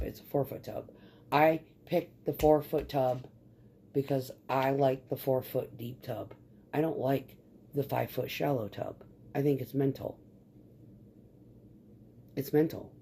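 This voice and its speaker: A woman's voice: a bass voice, dark tone, husky. A woman chatting casually in a vlog about remodeling her home, rambling and swearing freely. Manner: rambling and profane.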